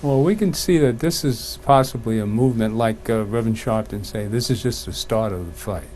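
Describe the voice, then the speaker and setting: Man hosting a talk show, halting delivery, dark mellow tone, faint hiss behind. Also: fairly low pitch. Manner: calls himself an old-time activist, loose and halting. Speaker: host. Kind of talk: live talk show interview.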